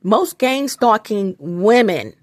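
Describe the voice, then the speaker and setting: A woman's voice: medium pitch, big pitch swings, slow pace, dry recording, clean studio sound. A woman vlogging to her phone in a loose, rambling monologue, emphatic and profane, with many restarts and asides.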